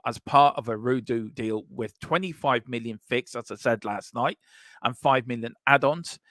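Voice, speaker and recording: A boisterous man hosts a football news live stream in a loose, chatty way, boasting about being right and reading out viewer messages. His voice sits at an ordinary middle pitch and sounds dry and close, with no room around it. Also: a bit bright, dry recording. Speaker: host of a football transfer news show. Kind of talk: casual live-stream chat.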